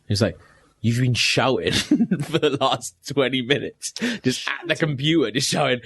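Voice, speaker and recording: A man's voice: medium pitch, lively intonation, normal speed, creaky, a bit bright, husky. A man telling jokey stories in casual podcast banter, swearing and acting out the people he quotes. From Wales. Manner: jokey storyteller, swears, acts out quoted voices. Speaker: podcast co-host.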